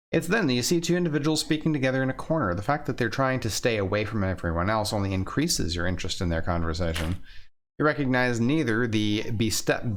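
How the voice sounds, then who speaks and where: A man playing a story game, reading its text aloud quickly and thinking aloud between choices. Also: medium pitch. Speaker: game streamer.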